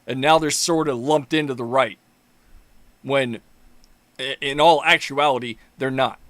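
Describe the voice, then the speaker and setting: A man's voice: mid-range voice, steady tone, a little slow, a bit bright, no room sound. A man hosting his own political commentary video, ranting angrily with heavy profanity and mocking sarcasm. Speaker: commentary channel host.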